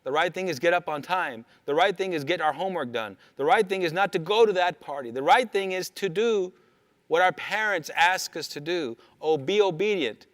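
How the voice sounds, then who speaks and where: A man's voice: high-pitched, animated, normal speed, no echo. A man giving a motivational talk to teenagers, emphatic and repetitive, telling stories from his work with students.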